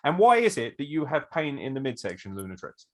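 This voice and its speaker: A man's voice: medium pitch, huge pitch swings, a little fast, fairly bright tone. A man hosting a wrestling podcast, using joking, theatrical, mock-formal banter. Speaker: podcast host and interviewer. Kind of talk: casual comedic podcast chat.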